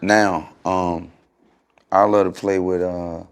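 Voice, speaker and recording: A man, a former basketball player, telling stories in a relaxed, slangy podcast chat that turns animated. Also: low voice, takes it slowly, creaky, smooth. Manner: laid-back storytelling, loose slangy speech, animated when retelling.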